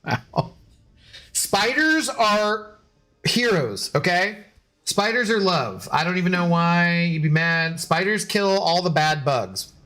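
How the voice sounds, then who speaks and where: A man's voice: high-pitched, expressive, slow pace, bright, forceful tone. A man streaming a game and chatting casually with his viewers, joking, sarcastic and swearing freely. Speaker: gaming streamer reading chat. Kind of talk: casual live-stream chat.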